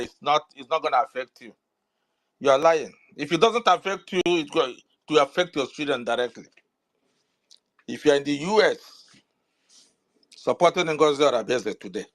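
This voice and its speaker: A man's voice: mid-range voice, low-quality recording. A man on a group audio call, thanking others and then ranting in a heated, mocking way. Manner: rambling, heated, mocking, sometimes rising to a near shout. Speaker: call participant. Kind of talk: casual chat turning into a rant.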